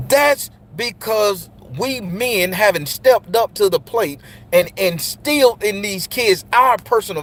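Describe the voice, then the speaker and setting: A middle-aged man talking to other men in a blunt, profane, preachy monologue, speaking directly to his listeners. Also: high voice. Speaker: channel host speaking to men. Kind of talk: casual spoken monologue.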